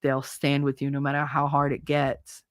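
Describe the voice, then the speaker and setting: A woman's voice: rumbling low, completely flat delivery, moderate pace, dry recording, clean studio sound. A woman from New Jersey with a Jersey accent and a slight Southern twang, hosting a podcast as casual, opinionated chat, blunt and profane. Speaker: podcast host.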